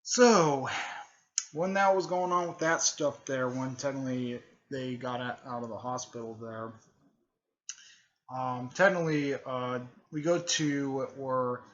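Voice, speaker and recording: A man giving a casual, rambling recap full of fillers, often clearing his throat. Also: medium pitch, fairly even intonation, unhurried, dull audio. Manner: filler-heavy, repeats "technically" and "and stuff like that", clears throat often. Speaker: video creator recapping a fan series.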